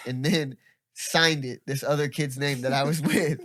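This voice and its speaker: A man's voice: medium pitch, steady tone, normal speed, a bit bright, dry recording. A young man hosting a podcast, telling stories in casual chat, rambling with lots of laughs and swearing. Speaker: podcast host.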